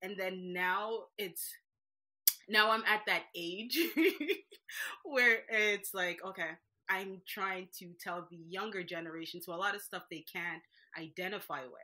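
A woman in her thirties from Jamaica, a business owner talking as a guest in a casual interview, lively and laughing often. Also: medium pitch, a little slow.

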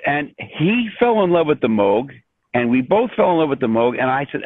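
An older man, a composer, telling stories in an interview with many restarts and an animated, rambling manner over a remote call. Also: mid-range voice, moderate pace, no room sound. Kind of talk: storytelling in an interview. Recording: dry tinny phone-like line.

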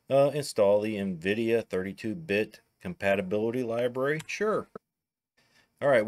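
A man with a Midwestern American accent, casually talking through each step of a computer tutorial as he works. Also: fairly low pitch. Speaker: tech tutorial host. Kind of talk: narrated screen-recording tutorial.

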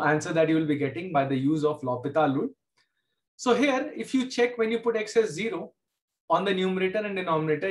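A man's voice: high-pitched, echoey room. A man teaching a math class with an Indian English accent, explaining step by step and repeating key points. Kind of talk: classroom lecture.

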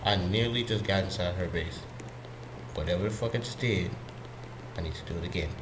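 A man commentating his own gameplay, frustrated and swearing at opponents, with loud game music and gunfire behind him. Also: low voice, brisk, noisy background. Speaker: gamer.

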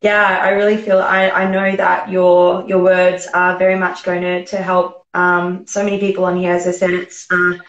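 A woman's voice: fairly low pitch, monotone, moderate pace, hardly any pauses, fairly bright tone, muffled recording. A woman hosting an interview, speaking earnestly and encouragingly. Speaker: podcast host. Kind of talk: conversational interview. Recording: roomy echo.

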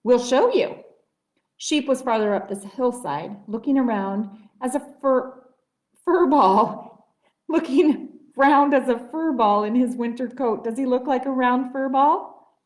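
A woman librarian reading a picture book aloud at a library story time, with gentle, expressive storytelling. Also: sits high, unhurried. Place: public library room. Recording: roomy echoey room.

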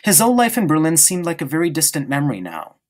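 Expressive male storybook narrator. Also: a little high. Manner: expressive, varied reading with slowed emphasis. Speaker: audiobook reader.

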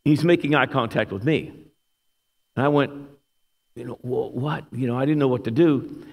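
A man preaching a sermon as a guest speaker, telling a story with lively animation. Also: mid-range voice, moderate pace. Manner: animated storyteller, shouts when acting out quotes. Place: church sanctuary. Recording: long hall reverb.

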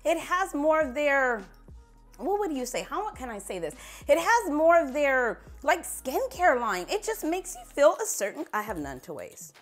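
Woman, slightly high voice, chatty and sassy, playful vlogger, faint music behind. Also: measured pace. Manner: animated, laughing at herself. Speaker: beauty vlogger. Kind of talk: casual chat to camera.

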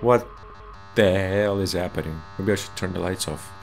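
A gaming YouTuber plays a horror game for a let's play, swearing often and laughing nervously as he reacts. His deep, gravelly voice stays steady at a moderate pace, with slight background noise.

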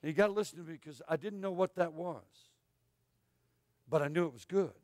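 Animated high-voiced preacher man. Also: brisk, no room sound. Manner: animated storytelling, swings between shouting and hushed asides. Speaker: evangelist. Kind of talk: revival sermon.

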